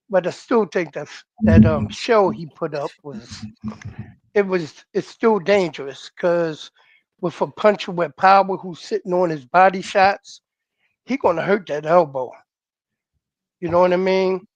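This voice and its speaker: Higher-pitched male boxing co-host, halting casual analysis, dull lo-fi dry audio. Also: no echo. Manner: loose, halting fight analysis. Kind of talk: casual panel chat.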